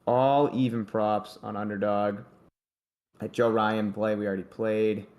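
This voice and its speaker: A man's voice: fairly low pitch, flat delivery, a little slow, darkish tone. A young man hosting a sports betting livestream, chatting loosely and joking with his co-host and the chat.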